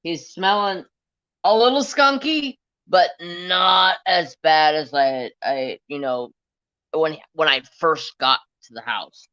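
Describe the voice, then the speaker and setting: Casual male stream host with a bright, tense voice, chatty and profane, recorded dry and a bit lo-fi. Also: on the high side, slow, no echo. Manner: rambling, animated, swears freely. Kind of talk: casual storytelling chat. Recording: slightly dull, lo-fi sound.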